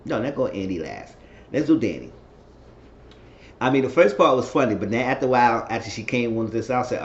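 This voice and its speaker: A man casually recapping a TV episode, rambling and animated. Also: brisk. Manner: rambling, animated, mimics characters in falsetto. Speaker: TV recap vlogger. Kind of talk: casual review chat. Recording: echoey room, dull lo-fi sound, faint noise.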